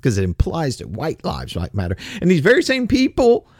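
A man's voice: on the high side, wildly swooping pitch, fairly quick, darkish tone, husky, dry recording, clean studio sound. A man ranting in opinion commentary, blunt, profane and sarcastic.

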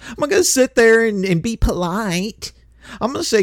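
A man's voice: very high-pitched, animated, moderate pace, no room sound, clean studio sound. A man giving a heated, emphatic opinion monologue, stumbling on repeated words when worked up. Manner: heated, emphatic, with mocking impressions of others; repetitive restarts when worked up. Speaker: commentator.

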